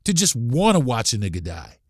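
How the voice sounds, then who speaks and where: A man's voice: medium pitch, wildly swooping pitch, a little fast, no room sound, clean studio sound. A man hosting a podcast, delivering a blunt, profane, heated monologue. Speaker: podcast host.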